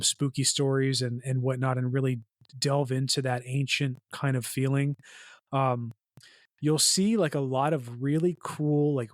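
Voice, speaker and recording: A man's voice: medium pitch, no room sound, clean studio sound. A man co-hosting a podcast in casual chat, rambling with lots of fillers. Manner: rambling, heavy "like" and "you know" fillers. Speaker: podcast co-host.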